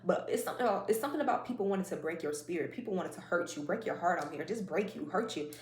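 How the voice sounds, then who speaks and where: A woman's voice: fairly low pitch, animated, rapid-fire, darkish tone. A woman giving a casual spiritual oracle card reading in a rambling, conversational way, with many fillers and asides. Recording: echoey room, faint noise.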